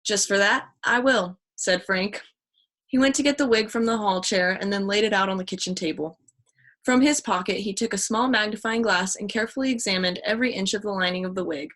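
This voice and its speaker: A woman's voice: mid-range voice, fairly quick, a bit bright. A woman reads a children's mystery novel aloud. She now and then stumbles and restarts a phrase. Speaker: audiobook reader.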